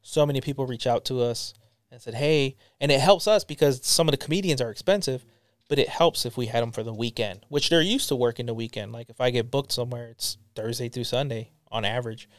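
A man's voice: medium pitch, fast talker, no echo. A middle-aged man, a comedian guest, talking in a rambling, casual way with many ums and restarts. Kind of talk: casual interview chat.

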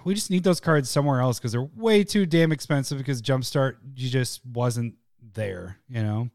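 A man co-hosting a podcast, excitable and giggly, talking in quick bursts. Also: mid-range voice, no room sound, studio quality. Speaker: podcast co-host. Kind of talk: casual chat about card games.

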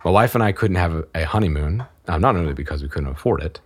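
A man in his thirties casually telling a funny story about himself, animated and laughing as he goes. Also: low-pitched, fast, breathy edge. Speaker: podcast guest.

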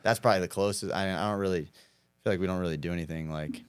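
A man's voice: deep voice, fairly even intonation, rapid-fire, clear, resonant tone, no room sound. A young man in casual chat, rambling with lots of fillers and swearing. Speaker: podcast guest, prankster.

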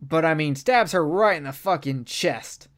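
Give me a profane, rambling co-host in an animated film review chat, at a middle pitch. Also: unhurried. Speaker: podcast co-host reviewing a horror anthology film.

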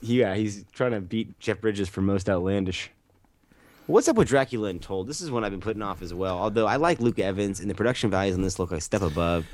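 Fast-talking, low-voiced wry man. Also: a little mellow. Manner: wry, teasing. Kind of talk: casual chat.

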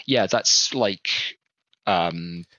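A man with a Southern English accent, talking casually as a podcast guest and pausing often with ums as he thinks. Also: low voice, bright, forceful tone, no room sound. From southwest England. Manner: hesitant, thinks aloud with many ums. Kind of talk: casual conversation. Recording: dull lo-fi dry sound.

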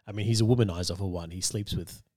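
Speaking at a quick pace, this fairly low-voiced man co-hosts a laid-back film podcast, a casual movie chat. He laughs a lot while going deep into comic-book lore, and the audio is dry without any room echo.

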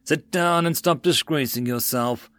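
A man voicing a calm, dismissive legion commander. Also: on the high side, a little slow, dry recording. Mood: cool. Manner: cool, dismissive.

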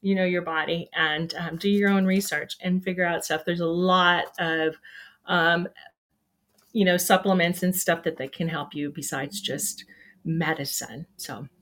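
A woman's voice: fairly low pitch, a bit bright. A woman hosting a livestream show, chatting casually in a rambling, upbeat, encouraging way. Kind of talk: casual chat.

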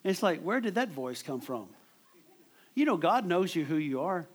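A man preaching a sermon, his voice sitting a little high. He talks to the congregation in a conversational way and repeats words as he drives home each point. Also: lively intonation, fairly quick.

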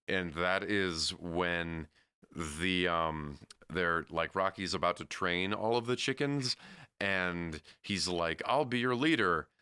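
A man's voice: low-pitched, slow, bright, forceful tone, clean tone, no echo, studio quality. A man co-hosting a podcast, discussing a film in casual chat, thoughtful and hedging. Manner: thoughtful, hedging, acts out quotes. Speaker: podcast co-host.

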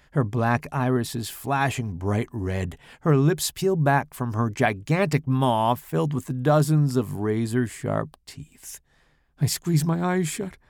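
Slow, gravelly man narrating horror. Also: mid-range voice, no echo, studio quality. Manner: slow, dramatic, expressive reading. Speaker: podcast host reading his story. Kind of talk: first-person horror story narration.

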